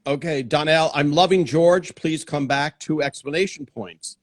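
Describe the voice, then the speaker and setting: A man hosting a casual live-stream chat, reading out viewer questions in a relaxed way. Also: fairly high pitch, moderate pace, no room sound, studio quality. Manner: relaxed, reads viewer comments aloud. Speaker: host.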